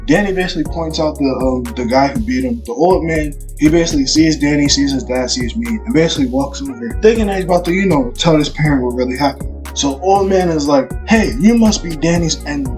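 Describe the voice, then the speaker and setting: A man casually telling a personal story time, rambling with lots of fillers and getting loud as the argument heats up. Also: fairly high pitch, animated, quick pace, hardly any pauses, soft background music. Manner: rambling, many fillers like "like" and "you know"; grows loud and heated when retelling the argument. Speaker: YouTube storyteller.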